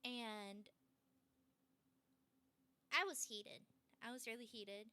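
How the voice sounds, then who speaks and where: High, bright-voiced woman streamer. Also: slow pace, clean tone. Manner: animated, heated retelling with frequent fillers. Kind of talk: casual storytelling on a livestream.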